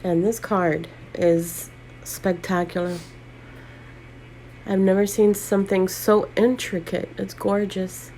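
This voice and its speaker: Middle-aged woman, gravelly and slow, near tears, gushing unboxing vlog host. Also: medium pitch, flat delivery, mellow, slight background noise. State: choked up. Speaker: tarot channel host.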